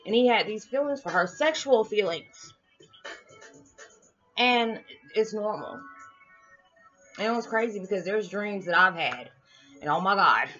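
Woman vlogger, bright lively casual delivery, dull lo-fi recording with faint music behind. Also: fairly low pitch. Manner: animated, laughing, lively swings in loudness. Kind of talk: casual spiritual vlog talk.

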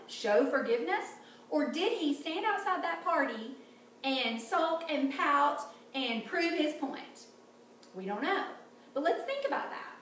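A woman teaching a children's Bible lesson in an animated way, often asking the kids questions. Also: high-pitched. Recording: echoey room, distant mic, faint noise.

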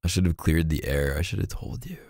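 A young man speaking softly and hesitantly in a whispered role-play, as an affectionate boyfriend. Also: low voice, expressive, brisk, gravelly, no room sound, clean studio sound. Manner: soft-spoken, hesitant, affectionate. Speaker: ASMR boyfriend roleplay creator.

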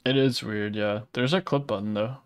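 A man's voice: medium pitch, lively intonation, a little slow, no room sound, clean studio sound. Laid-back slangy male streamer. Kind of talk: casual gaming chat.

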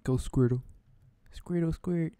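A young man hosting a gaming channel, giving let's-play commentary with excitable yells, laughter and constant "dude"s. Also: on the high side, takes it slowly, clean tone, no room sound.

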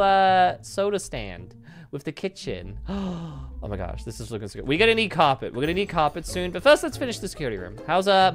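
A British woman voicing TeeVee, a bossy, excitable young sibling chatting while building in a game roleplay. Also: fairly low pitch. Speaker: main roleplay voice.

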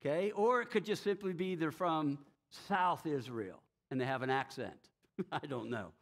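A man preaching a sermon as pastor of a church, telling the story in a lively way with rhetorical questions and frequent chuckles. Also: on the high side, normal speed.

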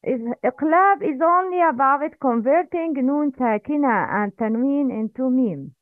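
A woman's voice: sits high, animated, no echo. Woman teacher drilling pronunciation, bouncy up and down voice, thin phone-ish sound. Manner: slow, drilling repetition with corrections. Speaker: Quran recitation teacher. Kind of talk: recorded language lesson. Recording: tinny phone-like audio, dry.

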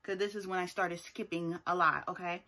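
Her voice is lowish and sharp in tone, with little pitch movement and a fairly quick pace. This TV reviewer casually, sassily recaps a reality TV episode, stressing points with emphatic asides and often ending them with "okay?"

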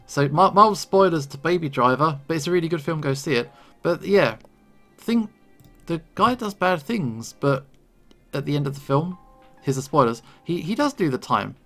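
A man's voice: fairly high pitch, animated, normal speed, fairly bright tone. A man giving rambling, casual commentary while playing a story game, stumbling over words with chuckling asides. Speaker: gaming video creator. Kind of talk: let's play commentary. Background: faint game music.

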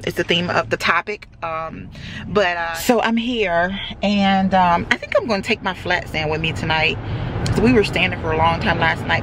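A woman's voice: fairly low pitch, noisy background. A woman vlogging in a casual, rambling chat to camera, full of fillers, on her way to church in a car. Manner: chatty and rambling, many fillers.

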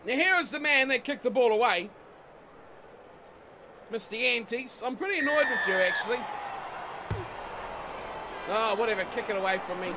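A man giving excitable let's-play commentary on a rugby video game, swearing and yelling at his own team. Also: extremely high pitch, normal speed, long pauses, very noisy. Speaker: gaming channel host. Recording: game music playing behind the voice.

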